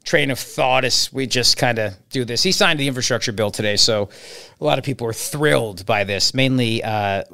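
A man's voice: mid-range voice, normal speed, gravelly, pushed and bright. A man hosting a political talk show, commenting sarcastically on played clips with mocking asides. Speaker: political podcast host.

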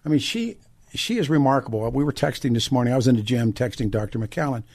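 An older man hosts a talk radio show, reading ads and ranting bluntly with rhetorical questions in a talk radio monologue. He talks fast and animatedly in a mid-range, slightly mellow voice.

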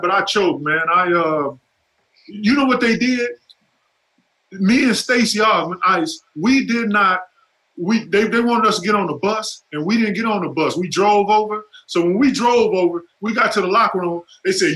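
A man's voice: high-pitched, moderate pace, pushed and bright, low-quality recording. A man in his fifties, a former pro basketball player, telling stories as a podcast guest, laughing often and using salty slang. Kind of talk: casual interview chat.

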